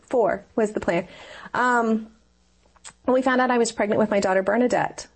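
Breathy woman telling a personal story. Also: medium pitch, steady tone, moderate pace. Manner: earnest, rambling storytelling with many fillers. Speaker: interview guest. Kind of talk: personal faith testimony in conversation.

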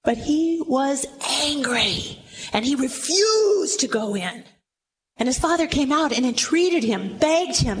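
A woman's voice: high voice, animated, takes it slowly, slight background noise, low-quality recording. A middle-aged woman preaching a sermon to a room full of listeners, telling the story animatedly and acting out the people in it. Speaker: Bible teacher. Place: room with a live audience.

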